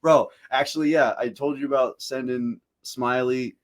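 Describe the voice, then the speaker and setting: A man's voice: mid-range voice, fairly even intonation, moderate pace. A man co-hosting a podcast, talking in a casual chat and rambling through stories, swearing freely and laughing at his own tales. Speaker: podcast co-host.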